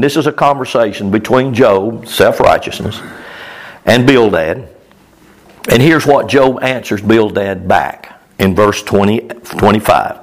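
A man preaching a sermon in a loose, conversational way, repeating his phrases, chuckling now and then and talking straight to the congregation. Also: lowish voice. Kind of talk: conversational Bible-teaching sermon.

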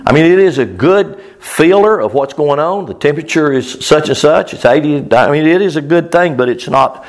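A man's voice: fairly high pitch, animated, moderate pace. A man preaching a sermon in a loose, conversational way, repeating his phrases, chuckling now and then and talking straight to the congregation. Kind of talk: conversational Bible-teaching sermon.

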